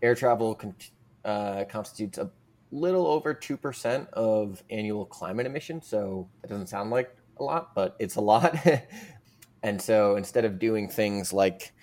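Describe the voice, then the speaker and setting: A man's voice: fairly low pitch, creaky, a little mellow. A man speaking as a podcast guest, making a rambling, earnest case full of fillers. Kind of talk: casual conversational argument.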